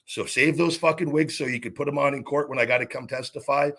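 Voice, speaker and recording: A man's voice: medium pitch, steady tone, quick pace, a bit bright. A man hosting his own podcast, ranting angrily and profanely with frequent restarts and repeated words. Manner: angry, profane, repetitive restarts. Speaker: podcast host. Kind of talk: ranting monologue.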